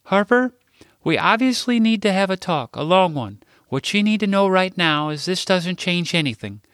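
A man voicing an exasperated adult woman in an audiobook, firing sharp, accusing questions. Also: high-pitched, lively intonation, normal speed, no echo, studio quality, pitched above the performer's own voice. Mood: stern.

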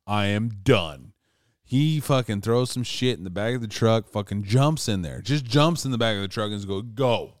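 Man, low-pitched, dry close sound, drunk rambling storyteller who swears constantly. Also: brisk, hardly any pauses, smooth, no room sound. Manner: profane, rambling, laughing between lines.

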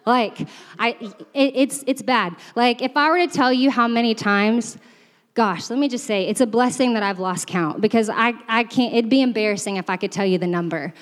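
A woman's voice: fairly high pitch, normal speed. Chatty, laughing young woman in a hall. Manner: chatty, self-deprecating, laughs often, many fillers. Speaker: church staff speaker. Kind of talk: storytelling sermon. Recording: long reverb from a large hall.

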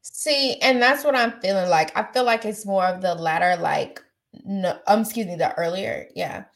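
A woman's voice: medium pitch, moderate pace, gravelly. A woman hosting a podcast, chatting casually and giving outspoken, emphatic advice. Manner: outspoken, emphatic, repeats phrases for effect. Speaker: podcast host.

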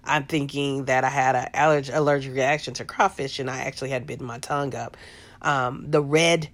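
A middle-aged woman hosting a podcast, telling a personal story in a casual, rambling way with lots of fillers. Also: very deep voice. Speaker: podcast host.

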